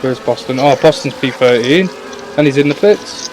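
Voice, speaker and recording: A man runs live commentary on an online race and keeps chatting with viewers and his co-host. He is excitable and talks at a mid pitch. A faint hiss of noise sits under the stream. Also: normal speed. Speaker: league owner and race commentator. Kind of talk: live sim racing commentary.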